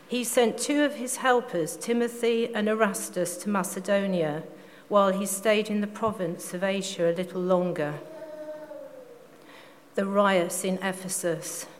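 A woman reading scripture aloud in a steady, measured way, now and then stumbling and restarting a word. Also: medium pitch. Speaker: scripture reader. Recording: long reverb, faint background noise.

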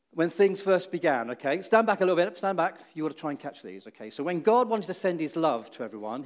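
Giving a children's talk in church, a high-voiced preacher tells a story full of restarts, swinging from dramatic rises to hushed, solemn drops.

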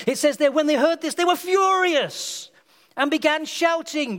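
A man preaching a sermon, telling stories and acting out the quotes with lively energy. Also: extremely high pitch, moderate pace, big-room sound. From Britain. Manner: animated storytelling, acts out quotes.

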